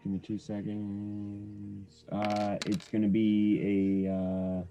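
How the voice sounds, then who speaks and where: A man with a low, mellow voice plays a tabletop game. He talks casually and a little haltingly as he works through rules and dice rolls. Faint music and keyboard typing can be heard behind him. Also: monotone. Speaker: player.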